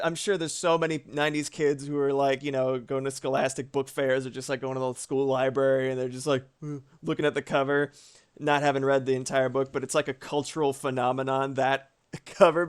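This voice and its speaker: Smooth-voiced male streamer chatting casually. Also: on the high side. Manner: relaxed, chatty, reads chat aloud, swears casually. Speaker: streamer and animator. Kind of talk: casual live-stream chat.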